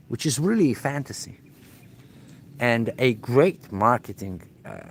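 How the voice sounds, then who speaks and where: A man's voice: medium pitch, darkish tone, a little hiss or hum. A man working as a personal trainer, answering viewers' questions on a live stream in a direct coaching manner and repeating key points for emphasis.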